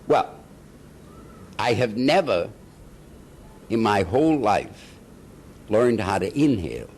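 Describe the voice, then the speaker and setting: Older New man, low voice with lively swings, chatty storyteller, faint room noise behind. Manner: animated anecdotes with laughs and acted-out quotes. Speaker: interview guest, actor. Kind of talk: storytelling in a casual interview.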